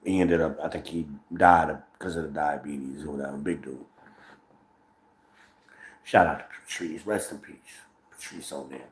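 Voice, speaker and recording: A man's voice: extremely low pitch, steady tone, normal speed, pauses often. A man hosting a casual livestream monologue, loose, profane and rambling. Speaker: streamer host. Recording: roomy echo.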